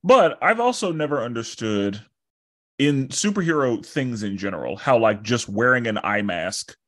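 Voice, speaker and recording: Lively man in loose podcast chat. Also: medium pitch, moderate pace. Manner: rambling, filler-heavy recapping. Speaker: podcast co-host.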